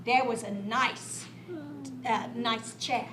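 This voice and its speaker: A woman telling an interactive story to children in a library, animated and playful, adding sound effects. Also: a little high, takes it slowly, noisy background. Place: library room. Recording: echoey room.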